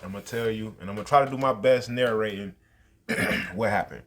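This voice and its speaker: A man's voice: on the low side, normal speed, a little hiss or hum. A man, hosting a podcast and telling a story in casual, slangy, profane talk. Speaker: podcast host.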